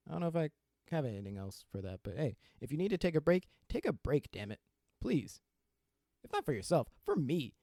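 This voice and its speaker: A man's voice: fairly high pitch, huge pitch swings, a little fast, vocal fry, mellow, no room sound, clean studio sound. Candid young man ranting on a podcast. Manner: candid and self-deprecating, laughing often. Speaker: podcast host. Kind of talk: solo podcast rant.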